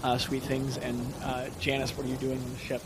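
A man narrates a tabletop role-playing game as game master in a relaxed, rambling way, with plenty of fillers. His pitch sits in an ordinary middle range. There is clear rain-like noise behind him. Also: a little fast. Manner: loose, chatty narration with many fillers.

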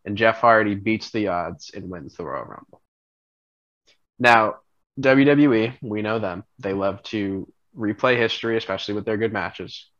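Bright-voiced man rambling through a fantasy storyline. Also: lowish voice, a little slow, dull audio. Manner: rambling, animated storyteller, laughs often. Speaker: podcast co-host. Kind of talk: casual chat, pitching a storyline.

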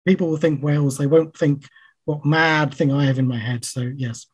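Writer guest, male, slightly raised husky voice, hesitant and self-effacing. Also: a little high, fairly even intonation. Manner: halting, frequent fillers and restarts; self-deprecating. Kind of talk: casual interview talk.

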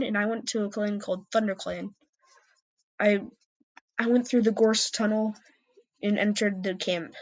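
A young woman reading her own cat story aloud in first person, earnest and slightly halting. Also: medium pitch.

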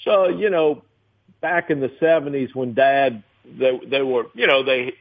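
A man in his fifties from New Orleans, a restaurateur telling rambling stories in a casual interview, with many fillers. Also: medium pitch. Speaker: restaurateur guest. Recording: tinny phone line.

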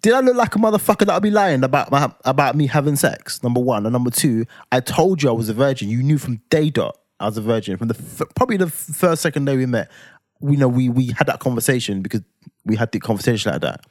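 A man in his twenties with a London accent, telling a story on a podcast in casual chat, animated and swearing freely. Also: medium pitch, fast talker, dry recording, studio quality. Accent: London English. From England. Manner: animated, swears freely, acts out heated quotes. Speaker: podcast co-host.

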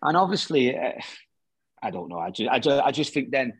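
A middle-aged man, a former footballer, chatting casually as a guest and telling lively anecdotes in which he acts out the quoted dialogue. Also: mid-range voice, a little fast, slightly rough, dry recording. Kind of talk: casual storytelling chat.

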